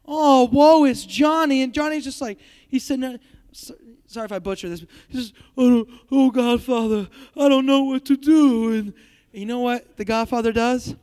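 A man's voice: very high-pitched, smooth. Young male youth speaker, twenties, resonant voice, chatty and self-mocking, reverberant hall. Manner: joking, chatty, self-deprecating. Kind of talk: youth sermon.

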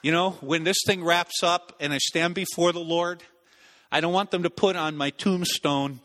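Preaching at normal speed, a male pastor shares a personal story within his sermon in a high, bright, ringing voice. He's lively and animated, occasionally playing the characters, while long reverb fills what sounds like a large sanctuary.

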